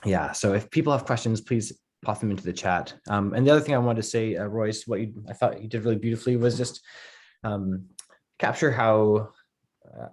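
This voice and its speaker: A man's voice: on the low side, brisk. A man moderating an online question-and-answer session over a video call, talking in a friendly way with fillers. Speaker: presentation host.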